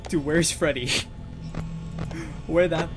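Live horror-game streamer, panicky and profane, talks to chat; drawn-out delivery, game music underneath. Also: medium pitch, fairly even intonation. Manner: panicky, swearing, nervous giggling; greets and answers chat between scares. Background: game music and sounds.

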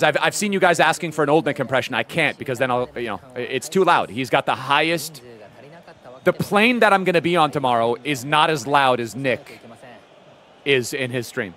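A man's voice: mid-range voice, a bit bright. A young man streaming games and chatting casually with his viewers in a laid-back way. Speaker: game streamer.

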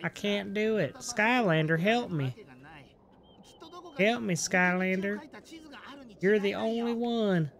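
A man's voice: slow, gravelly, pauses often, a bit bright, faint music behind, exaggerated voice. A man putting on the voice of a panicky, helpless game character who begs to be rescued, in a whiny, pleading tone. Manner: whiny pleading, high put-on voice.

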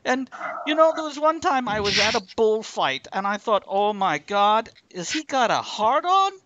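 A man's voice: mid-range voice, very animated, moderate pace, vocal fry, lo-fi sound, noisy background. A man improvising a flamboyant, vain actor with a put-on Spanish-style accent, giving a rambling acceptance speech and calling everyone darling. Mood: grandiose.

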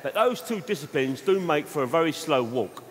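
A male comedian tells rambling stories on a theatre stage, his pitch rising and falling animatedly. His voice carries a long reverb from the hall and a constant layer of noise. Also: animated, moderate pace. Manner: conversational, rambling anecdotes. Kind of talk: live stand-up storytelling.

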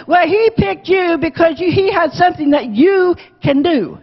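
A woman teaching a Bible lesson to a Sunday school class, lively, acting out the quotes and asking the class questions. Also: extremely high pitch, moderate pace. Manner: animated, acts out quotes, asks class questions. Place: church classroom. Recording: dull lo-fi with long church reverb.

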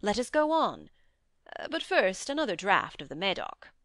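A woman's voice: mid-range voice, sing-song, moderate pace, a bit bright, no echo, studio quality. A woman voicing a drunken, proud middle-aged nobleman in an audiobook reading.

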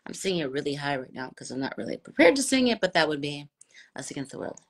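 A woman chatting casually on a live stream, answering viewers and mixing in halting French and Spanish. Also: deep voice, big pitch swings, gravelly, background noise. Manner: chatty, switches between English, French and Spanish.

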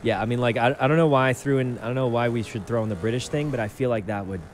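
A man's voice: medium pitch, quick pace, a little hiss or hum. A man chatting in character during a game roleplay, scheming and persuasive, talking others into his plans. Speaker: streamer playing a character.

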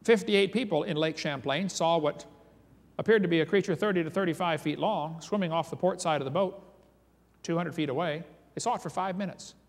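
A man with a brisk, somewhat high voice delivers a creation seminar, telling stories dramatically and reading eyewitness accounts aloud with animated emphasis. He's in a large hall or church, and the recording carries long hall reverb.

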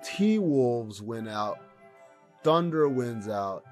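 A man in his thirties co-hosting a sports podcast, joking around in animated casual chat. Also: medium pitch, drawn-out words, faint music behind. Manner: animated, joking, laughs often. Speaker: co-host.

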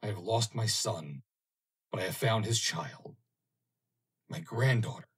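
A man voicing a grieving, white-haired old gentleman in an audiobook, speaking earnestly. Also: lowish voice, measured pace, breathy edge, full character voice. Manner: trembling, earnest.

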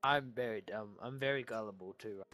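A man's voice: on the low side, fairly quick, loud music behind the voice. A young man chatting crudely and joking with friends over voice chat while streaming a game, laughing often. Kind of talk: casual chat with friends on voice call.

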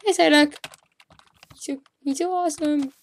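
A woman giving casual, excitable commentary while playing a game, chattering at the creatures on screen and calling out to them. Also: high voice, moderate pace, a little hiss or hum. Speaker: gaming channel host.

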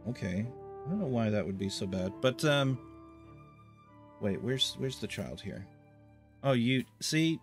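A man's voice: medium pitch, big pitch swings, unhurried, pauses often, over music. Wry, rambling man narrating gameplay. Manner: rambling and wry, with many fillers. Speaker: let's play host. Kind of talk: casual gameplay commentary.

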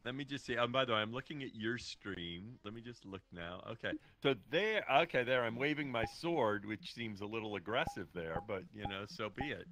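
A man's voice: on the low side, brisk, hardly any pauses, fairly bright tone. A male guest on a livestream, thinking aloud as he fumbles with the controls of a VR game. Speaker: guest, company executive. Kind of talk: casual chat on a livestream.

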